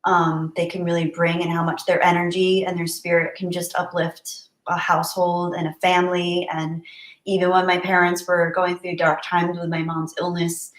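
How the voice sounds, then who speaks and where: A woman's voice: lowish voice, level tone, moderate pace. Chatty woman streamer in an echoey room. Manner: chatty, reads viewer messages aloud, soft and heartfelt. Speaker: livestream host. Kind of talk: casual livestream chat. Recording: roomy echo.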